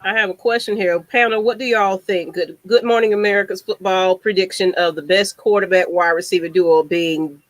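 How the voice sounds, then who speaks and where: A woman's voice: medium pitch, steady tone, moderate pace, hardly any pauses, no echo. A woman co-hosting a sports-talk show, reading questions to the panel and reacting with exclamations. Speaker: co-host. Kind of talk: casual sports-talk chat.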